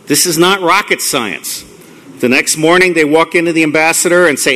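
A middle-aged man giving a live lecture to an audience, blunt and profane, ranting excitedly. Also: fairly high pitch, normal speed. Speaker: conference speaker.

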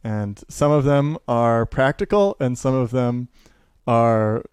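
A man from the Seattle area who works as a teacher and maker, chatting casually in an interview, telling lively stories that he acts out, with frequent laughter. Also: mid-range voice, slow pace, clean tone, dry recording. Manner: animated storyteller, laughs often, acts out quotes.

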